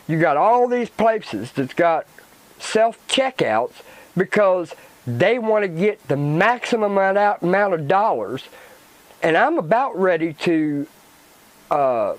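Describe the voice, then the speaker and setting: A man vents on his own channel, angry and swearing freely. He talks slowly, and his fairly high voice swings widely as his temper flares. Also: sing-song, no echo, low-quality recording. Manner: swearing, agitated ranting with repetition. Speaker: channel host. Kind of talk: angry vlog rant.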